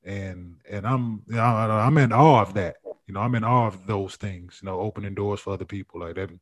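A man's voice: on the low side, brisk. A man interviewing a guest who mostly answers with short words of agreement. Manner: brief affirming backchannels.

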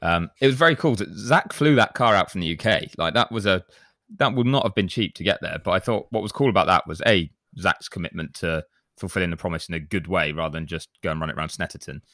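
This English man hosts a podcast, steering the casual chat and teasing his co-hosts. His voice sits low and sounds a bit bright, and he talks fast. The recording is dry and of studio quality.

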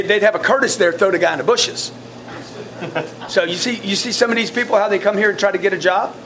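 A man coaching his sales staff in a blunt, animated way, often restarting his sentences. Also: sits high, slight background noise. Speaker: sales team leader.

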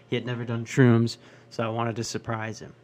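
A young man telling stand-up stories in an ordinary mid-range voice. He swears freely, sounds exasperated, and jumps into the voices of the people he describes before dropping back to his own flat delivery. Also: mid-range voice, normal speed. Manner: profane, exasperated, acts out characters. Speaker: stand-up comedian. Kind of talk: stand-up storytelling.

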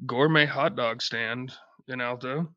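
A man's voice: medium pitch, a little slow, no room sound. A man co-hosting a podcast, chatting casually in a dry, matter-of-fact way. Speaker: podcast co-host. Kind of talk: casual chat. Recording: slightly dull lo-fi mic.

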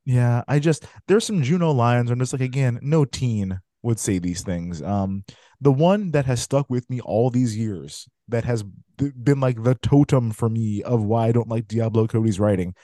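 A man's voice: medium pitch, moderate pace, warm tone, no echo, studio quality. A man hosting a casual movie review chat, blunt and exasperated, who swears freely. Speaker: podcast host.

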